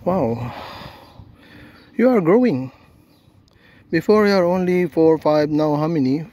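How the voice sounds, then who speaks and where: Slow, coaxing man talking to stray cats. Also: on the high side. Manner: coaxing, talks gently to the cats. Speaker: vlogger feeding stray cats. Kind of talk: casual vlog narration to camera and animals. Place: outdoors on a seafront promenade.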